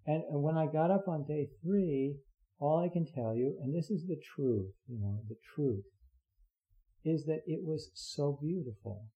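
An older man giving an earnest dharma talk as a Zen teacher, halting with many fillers and restarts. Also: fairly high pitch. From United States. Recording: dull lo-fi recording.

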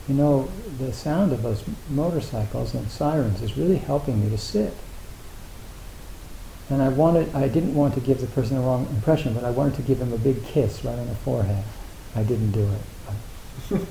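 A man's voice: mid-range voice, vocal fry, warm tone. A man giving a Zen dharma talk, rambling and self-deprecating, with lots of filler words. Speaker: Zen teacher. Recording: echoey hall with faint hiss.

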